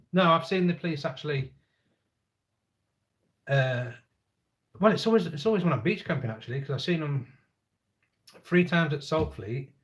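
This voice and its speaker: A man telling a camping story in a relaxed, cheeky live chat, laughing often and swearing casually. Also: mid-range voice. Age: adult parent. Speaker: camping live-stream host. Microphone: live-stream setup.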